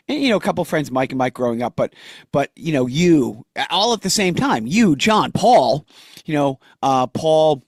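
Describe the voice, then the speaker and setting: A man co-hosting a podcast, telling lively stories in casual chat. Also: fairly high pitch, no room sound, clean studio sound. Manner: lively storytelling. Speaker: podcast co-host.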